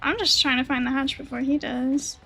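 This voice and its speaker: A woman streaming a game live, chatting with teammates in an excitable way, swearing and squealing. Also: high voice, normal speed. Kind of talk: live gameplay chat with teammates.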